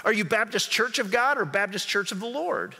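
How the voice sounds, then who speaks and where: A man voicing a frantic would-be rescuer in a joke, talking fast and getting more excited with each question. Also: high-pitched, pitched above the performer's own voice, heavily acted. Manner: eager, climbing excitement. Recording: echoey sanctuary hall.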